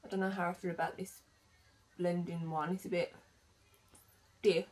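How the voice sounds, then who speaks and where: A woman's voice: lowish voice, little pitch movement, moderate pace. A woman chatting casually through a makeup demo, with lots of fillers and self-corrections. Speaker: beauty vlogger. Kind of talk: makeup tutorial chat.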